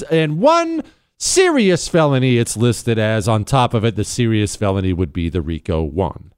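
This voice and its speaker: A middle-aged man hosting a talk radio show, telling stories and riffing on the news in a sarcastic, animated way. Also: mid-range voice, moderate pace, smooth, no room sound, clean studio sound.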